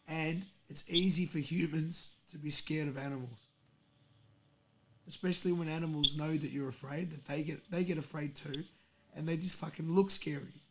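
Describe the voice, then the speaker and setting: A man's voice: on the high side, steady tone, normal speed, a bit bright. Sweary rambling man. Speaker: livestream host. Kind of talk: casual livestream chat.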